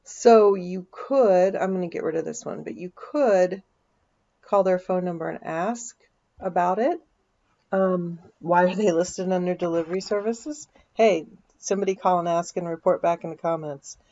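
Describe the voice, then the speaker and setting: A woman's voice: on the low side, moderate pace, dark tone, muffled recording. A woman vlogger, chatting casually as she walks through a search on her screen, thinking aloud with dry asides. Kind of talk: casual screen-share walkthrough.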